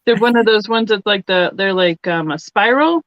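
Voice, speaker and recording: A woman's voice: medium pitch, expressive, moderate pace, a bit bright, no room sound, highs cut off. A woman chatting casually on a live stream, rambling and trailing off mid-sentence. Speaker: regular viewer on the stream.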